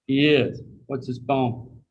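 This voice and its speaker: A man's voice: mid-range voice, fairly even intonation, slow, husky, muffled recording. Folksy man lecturing over a video call. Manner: folksy storytelling, acts out quoted voices. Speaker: anatomy teacher. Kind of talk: casual classroom lecture with personal anecdote.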